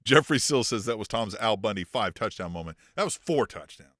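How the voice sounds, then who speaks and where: A man's voice: lowish voice, animated, fairly quick, a bit bright, dry recording, clean studio sound. A man co-hosting a wrestling podcast, chatting casually and teasing his co-host. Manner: easygoing, teasing, short replies.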